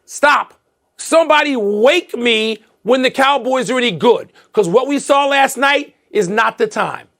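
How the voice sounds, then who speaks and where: A man with a very high voice and a gravelly, fry-heavy edge debates sports on a talk show. He dismisses claims with animated incredulity. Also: a little slow.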